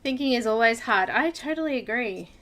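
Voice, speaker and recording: A woman's voice: on the high side, animated, a little fast, a bit bright. A woman hosting a live coloring stream, chatting casually, giggling often and greeting viewers by name. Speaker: coloring livestream host.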